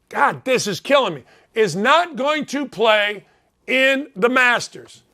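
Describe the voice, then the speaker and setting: A man hosting a sports talk show, ranting in a loud, blustery, rambling way and turning combative. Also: extremely high pitch, expressive, a little slow. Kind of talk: opinionated sports radio rant.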